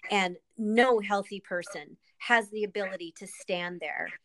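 A woman guest and author in a candid interview, speaking earnestly and with emotion, often pausing with ums and restarting. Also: medium pitch, a bit bright, a little hiss or hum, poor audio.

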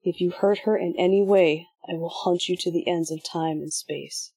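Woman doing a grim male agent, low and solemn. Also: fairly even intonation, moderate pace, warm tone, breathy edge, dry recording, poor audio. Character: resentful young male agent, grim and loyal.

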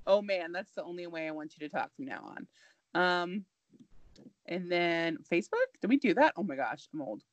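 A woman's voice: fairly low pitch, animated, normal speed, no echo. A young adult woman co-hosting a podcast in a bubbly, exclaiming casual chat. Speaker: podcast co-host.

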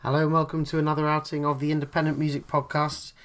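Chatty podcast host. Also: male voice, a little high, completely flat delivery, fast talker, loud music behind the voice. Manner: chatty, laughs easily, self-deprecating. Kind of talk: casual chat.

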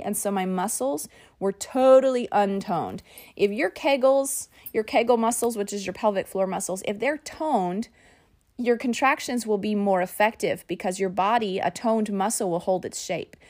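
A young woman, telling her own story in a lively, chatty way, often laughing and acting out what was said. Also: mid-range voice. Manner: animated, laughing, says "y'all", acts out her own and her husband's lines. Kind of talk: personal storytelling.

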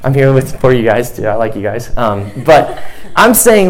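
A man preaching a sermon to a youth group. He talks casually, then builds to loud, emphatic preaching and repeats lines for emphasis. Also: mid-range voice, sing-song, normal speed. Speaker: youth pastor.

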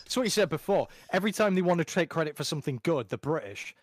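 A man's voice: on the high side, animated, fast, no echo. A man trading blunt, dismissive retorts in crude casual banter on a stream.

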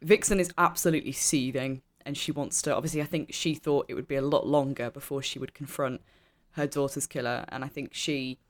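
A woman's voice: rumbling low, fairly even intonation, fairly quick. Woman, tabletop player, casual chat, giggly. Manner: chatty, giggly.

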